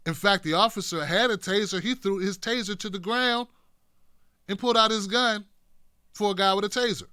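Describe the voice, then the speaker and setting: High bright-voiced man riffing on clips. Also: normal speed, smooth, dry recording, clean studio sound. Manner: sarcastic, jokey, acts out voices. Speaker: political commentator. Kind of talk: casual commentary on clips.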